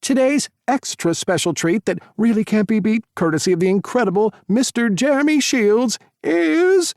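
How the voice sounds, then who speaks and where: A man doing a flamboyant, sassy young showman in an audiobook, his voice pushed well up high and bright. He announces like a stage host, playful and teasing, over a dry close sound with a gravelly edge. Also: animated, moderate pace, no room sound. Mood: showy.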